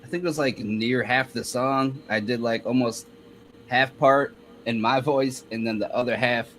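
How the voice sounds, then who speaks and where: A man's voice: medium pitch, fairly even intonation, normal speed, a bit bright, slight background noise, low-quality recording. A male guest in a casual interview who tells easygoing stories and often laughs. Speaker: guest, rapper.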